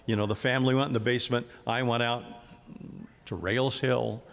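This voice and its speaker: An older man from Kansas, a former storm chaser, telling stories in a relaxed, matter-of-fact way on a panel. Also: mid-range voice, normal speed, creaky. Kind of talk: casual panel storytelling. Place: event hall panel. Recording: long hall reverb.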